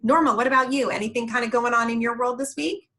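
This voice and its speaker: A woman's voice: fairly high pitch, steady tone, quick pace, bright, forceful tone, low-quality recording. A woman hosting a group coaching call, speaking in an encouraging, reflective way. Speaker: host.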